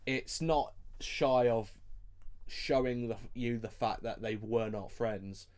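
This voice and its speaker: A man's voice: medium pitch, takes it slowly, a little mellow. A man co-hosting a podcast in casual chat, swearing freely and laughing often. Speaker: podcast co-host.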